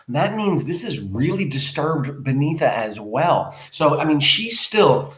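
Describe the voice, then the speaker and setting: A male teacher animatedly reads a play aloud and explains it to his students, speaking straight to the class. His voice is mid-range, and the room is echoey.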